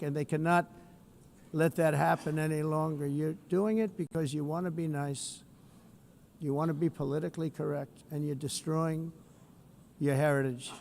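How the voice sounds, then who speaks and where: A man delivers a head-of-state address with a combative, boastful edge, his voice pitched a little high for a man. He keeps breaking away from the script into rambling asides and hammers his points home by repeating them. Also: darkish tone. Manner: digressive, slips from script into off-the-cuff remarks. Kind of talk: formal political speech with ad-libbed asides.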